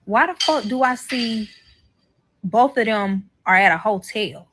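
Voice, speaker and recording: A woman's voice: medium pitch, measured pace, background noise. A young woman telling a profane story in a casual story-time video, and acting out what the other people said. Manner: animated, profane, acts out the other people's lines. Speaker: storyteller in a played clip.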